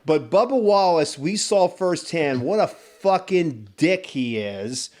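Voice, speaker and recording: Blunt, profane man, slightly high voice. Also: expressive, slow pace, darkish tone. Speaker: podcast co-host. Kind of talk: casual chat.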